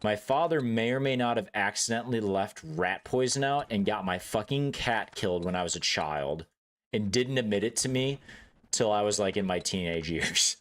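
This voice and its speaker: A man's voice: lowish voice, lively intonation, moderate pace, fairly bright tone. A young man streaming a game, telling stories in casual chat that rambles, swears freely and breaks into laughs and acted-out outbursts. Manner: rambling, profane, laughs often, acts out outbursts. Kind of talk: casual chat while gaming.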